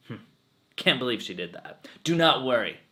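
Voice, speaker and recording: A man imitating his gentle, calm spiritual teacher, speaking in a soft, hushed and reassuring way. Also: medium pitch.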